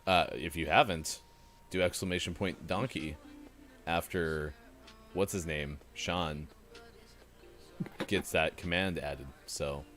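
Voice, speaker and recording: A low-voiced man co-hosts a gaming morning show, speaking slowly with frequent pauses over soft background music. Animated and jokey, he banters casually on the live stream and calls out to the chat.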